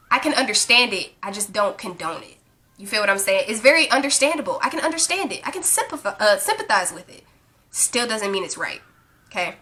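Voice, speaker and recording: A woman in her twenties ranting in a casual vlog, blunt and profane, acting out arguments as she tells them. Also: mid-range voice. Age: 20s. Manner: blunt, profane, animated storytelling. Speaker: vlogger.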